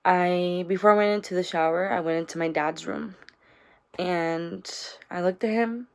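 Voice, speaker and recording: A woman's voice: on the low side, steady tone, normal speed, creaky. A young woman vlogging about her day and her feelings, rambling with many fillers, her nose stuffy from crying. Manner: tearful, subdued and soft. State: stuffy-nosed after crying. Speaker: daily vlogger. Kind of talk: personal confessional vlog.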